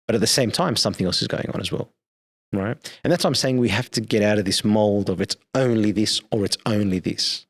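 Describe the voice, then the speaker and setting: A man's voice: on the low side, a little fast, husky. A man, a priest, explaining things earnestly in a podcast discussion and checking in with "right?". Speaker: priest guest.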